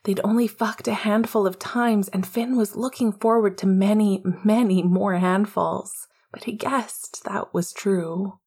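A woman narrating an audiobook in a hushed, intimate way, often half-whispering. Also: medium pitch, fairly even intonation, unhurried, few pauses, slightly rough.

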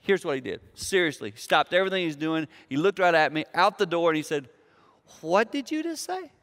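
A man's voice: on the high side, fast talker, a bit bright, clear, resonant tone, big-room sound. A man giving a sermon as a pastor, telling a personal story in a conversational way and acting out the dialogue. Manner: conversational, acts out quoted dialogue.

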